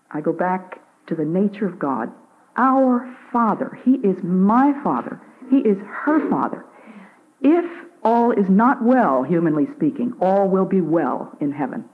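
An older woman giving a devotional talk on the radio, earnest and measured, pausing to stress single words. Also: mid-range voice, darkish tone, low-quality recording. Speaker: Christian speaker.

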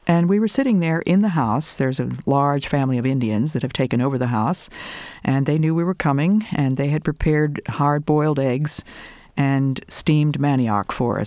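An older woman giving a devotional talk, telling a personal story and reciting names of God in an earnest, measured way. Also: rumbling low, a little mellow, no echo, clean studio sound. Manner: earnest, measured, lists scripture names slowly. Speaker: Christian speaker.

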